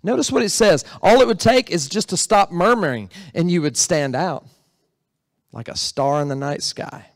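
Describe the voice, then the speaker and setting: A man's voice: high voice, normal speed, dry recording, clean studio sound. A male pastor preaching a sermon in a church, talking in a conversational way and asking the congregation questions. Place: church sanctuary.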